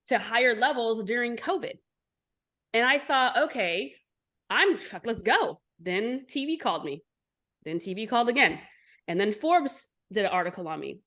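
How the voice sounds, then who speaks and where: Guesting on an interview, a forties entrepreneur recounts her story bluntly and with animation, swearing frequently. She has a slightly high voice.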